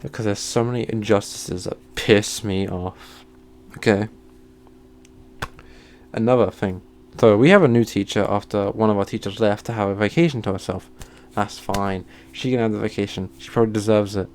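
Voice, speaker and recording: A man telling a heated storytime rant, swearing often and flaring into shouted outbursts before sighing and calming down. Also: lowish voice, normal speed, a little hiss or hum. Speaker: channel host. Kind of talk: ranting storytime monologue.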